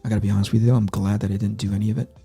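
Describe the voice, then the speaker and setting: A man's voice: on the low side, level tone, racing, mellow, slightly rough, faint music behind. A man in his fifties hosting a launch stream, casually telling candid, self-deprecating stories about his early career. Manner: candid, self-deprecating anecdotes with many restarts. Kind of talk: casual storytelling.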